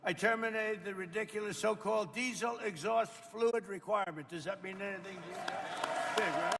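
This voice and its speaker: Older man, gravelly, rambling and boastful. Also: high voice, fairly quick, fairly bright tone, big-room sound. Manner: rambling, boastful, chatty asides to the audience. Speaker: president speaking at a farmers' roundtable. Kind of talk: off-the-cuff political speech. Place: indoor roundtable event.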